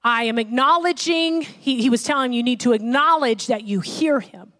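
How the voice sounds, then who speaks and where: A woman pastor preaching a sermon, animated, acting out the voices she quotes. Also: a little high, normal speed.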